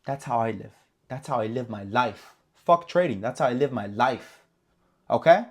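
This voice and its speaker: A man hosting a casual trading recap vlog, talking in an animated, profane way and repeating himself for emphasis. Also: medium pitch, moderate pace. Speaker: trading channel host.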